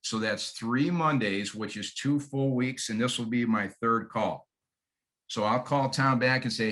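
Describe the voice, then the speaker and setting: A man's voice: mid-range voice, unhurried, fairly bright tone. A man who works as a real estate agent, teaching other agents how to win over sellers, acting out his phone scripts in a friendly, folksy way. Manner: folksy, coaching, repeats key points. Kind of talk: sales training talk with acted call scripts.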